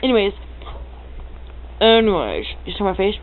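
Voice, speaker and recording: A woman's voice: mid-range voice, lively intonation, fairly quick, phone-quality sound, noisy background. Hyper, giggly teenage girl rambling. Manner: hyper, giggly, rambling, making silly noises. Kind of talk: casual chat to camera.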